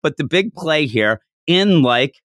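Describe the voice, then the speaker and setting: This podcast host has a fairly high-pitched man's voice and talks a little slowly, animatedly retelling a comic chapter in casual chat. He acts out the characters' lines, slipping into their voices. The sound is studio quality with no echo.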